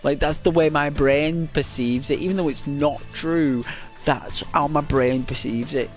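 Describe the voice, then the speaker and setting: A man's voice: a little high, steady tone, measured pace, faint music behind. Rambling man chatting on a game stream. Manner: rambling, full of fillers. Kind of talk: casual live-stream chat.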